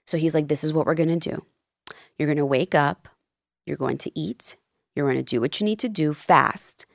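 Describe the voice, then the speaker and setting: A woman in her thirties with a notably low voice tells her story in a casual interview. She acts out each quoted exchange with lively emphasis. The sound is dry and close. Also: normal speed, creaky, no echo. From Peru and New Jersey. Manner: animated, acts out quoted dialogue. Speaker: podcast guest, life coach.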